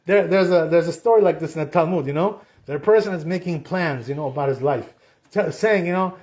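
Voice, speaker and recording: A man with a fairly high voice leads a relaxed Torah lesson and talks straight to his listeners. He keeps it conversational, drops "you know" into nearly every sentence, and acts out what people say. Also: fast. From Sephardic Jewish community. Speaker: Torah teacher. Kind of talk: casual Torah class.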